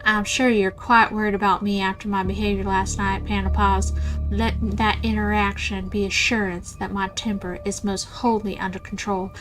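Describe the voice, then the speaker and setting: A woman's voice: mid-range voice, level tone, moderate pace, fairly bright tone, faint music behind, lightly acted, rough recording. A woman voicing a haughty, formal talking cat in a game. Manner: pompous, formal.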